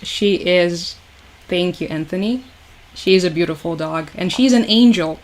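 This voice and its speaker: A woman's voice: fairly low pitch, measured pace. A woman hosting a casual livestream from home, chatty and sarcastic, laughing often. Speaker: livestream host. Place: at home with her dog.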